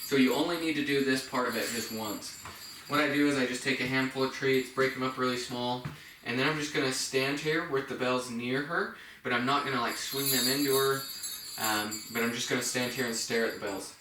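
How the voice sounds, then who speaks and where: A man working as a dog trainer, explaining house-training in a relaxed, casual way and praising the dog in a high voice now and then. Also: fairly quick, noisy background. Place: indoors at a home. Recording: echoey room, distant from the mic.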